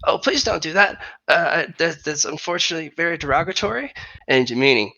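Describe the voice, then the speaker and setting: A game master voicing a small, earnest young male fighter who pitches himself eagerly with lots of fillers. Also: lively intonation, a little fast, gravelly, pushed and bright, no echo, dull audio. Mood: offended. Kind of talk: tabletop role-play voice.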